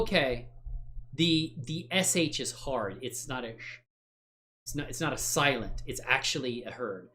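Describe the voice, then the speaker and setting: This medium-pitched man runs a software livestream, talking loosely and narrating his thoughts while working. He wanders off on tangents, makes self-deprecating jokes, and laughs frequently.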